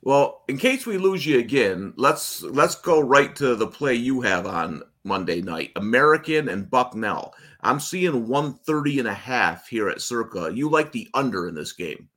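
A man's voice: mid-range voice, sing-song, a little slow, few pauses, a bit bright. A man hosting a sports betting livestream, chatting casually over a video call and rambling with frequent restarts. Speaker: sports betting show host.

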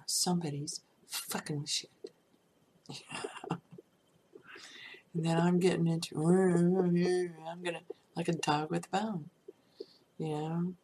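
A middle-aged woman telling a personal story in a rambling way, full of "you know" asides and breathy, half-whispered stretches. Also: lowish voice, darkish tone, a little hiss or hum. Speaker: storyteller recounting a personal crisis. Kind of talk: personal testimony.

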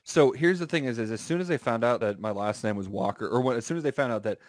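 A man's voice: medium pitch, fast. A man from Texas, co-hosting a podcast in casual chat, joking crudely and swearing freely. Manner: crude, profane joking with acted-out voices. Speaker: podcast co-host.

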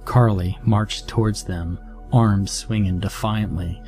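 A man with a low voice narrates a scary story in a steady, dramatic way. Music plays clearly under his narration throughout. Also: slow pace. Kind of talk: scripted horror narration.

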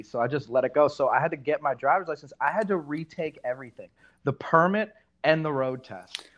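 Male podcast guest, casual and excitable, slightly higher voice. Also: a little fast, lo-fi sound. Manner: excitable, profane storytelling. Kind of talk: casual chat.

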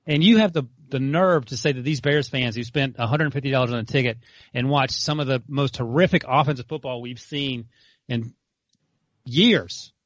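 A man's voice: medium pitch, moderate pace, no room sound, highs cut off. A man from North Carolina on a sports podcast panel, teasing and arguing in casual banter. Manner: teasing, argumentative.

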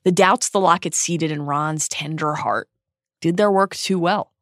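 A woman co-hosting a podcast, reading a prepared essay about a novel in a measured, earnest way with dramatic quoted passages. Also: low-pitched, dry recording, studio quality. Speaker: podcast co-host.

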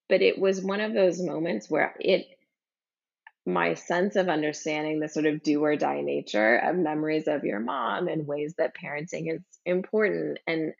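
A woman in her thirties, a podcast guest telling a personal story in a reflective, halting way with many fillers. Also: low voice, gravelly, husky. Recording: dull lo-fi recording.

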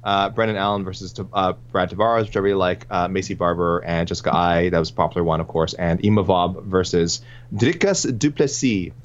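A man's voice: sits low, brisk. A man co-hosting a casual sports podcast, running through listener picks in a rambling, self-correcting way. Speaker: podcast co-host. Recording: muffled lo-fi with faint hum.

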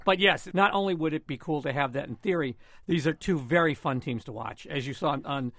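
A man's voice: on the high side, brisk, a bit bright, dry recording. Sardonic male sports commentator, dry studio. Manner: sardonic, sarcastic wit. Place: radio studio.

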